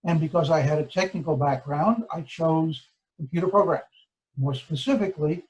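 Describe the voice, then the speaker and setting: An older man, a law professor, giving a formal lecture, with deliberate pacing and stressed key words. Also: on the high side, a little mellow, low-quality recording. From United States.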